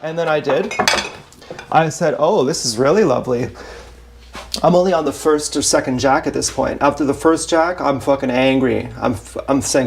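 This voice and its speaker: A man's voice: medium pitch, normal speed, creaky. A man livestreaming a rambling confessional monologue in a blunt, repetitive, self-questioning way, recorded on an action camera mic.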